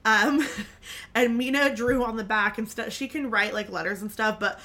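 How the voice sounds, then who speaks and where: Chatty woman host, bright tone, rambling storyteller's delivery, filler-heavy casual chat. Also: fairly high pitch, normal speed. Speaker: podcast host.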